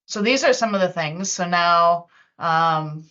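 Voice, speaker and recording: A woman with a somewhat low voice talks through a live software demo, loose and chatty, with plenty of ums and restarts. The sound is dull and lo-fi, like an online meeting. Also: expressive, a little slow. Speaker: webinar presenter and user group organizer. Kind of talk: casual live webinar demo.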